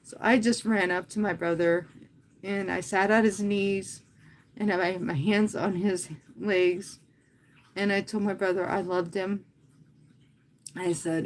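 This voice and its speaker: Earnest woman talking softly on a livestream. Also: medium pitch, fairly even intonation, slight background noise. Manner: earnest and heartfelt, speaking softly and slowly with pauses. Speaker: fitness instructor and livestream host. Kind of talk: casual livestream talk.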